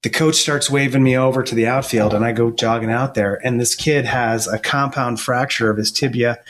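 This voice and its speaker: A man's voice: medium pitch, fairly even intonation, moderate pace, a bit bright. A middle-aged man speaks in an ordinary mid-range voice. He tells stories earnestly and casually, often stopping and restarting his sentences. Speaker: firefighter and paramedic guest. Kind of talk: casual storytelling interview.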